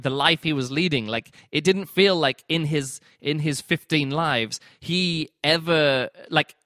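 Bright-voiced chatty man reviewing a book. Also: a little high, no echo, studio quality. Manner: chatty, acts out his own reactions in quoted asides. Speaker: podcast host reviewing books. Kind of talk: casual spoken book review.

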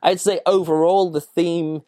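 A man's voice: fairly high pitch, level tone, a little slow, dark tone, no echo, studio quality. Rambling man reviewing a book. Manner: rambling, many fillers and restarts. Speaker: podcast host. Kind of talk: casual book review monologue.

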